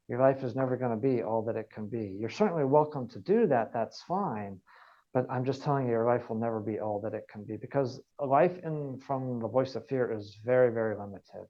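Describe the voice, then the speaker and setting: A man's voice: mid-range voice, fairly quick, highs cut off. A man giving an online wellness training, earnest and repeating key points for emphasis. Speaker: wellness coach.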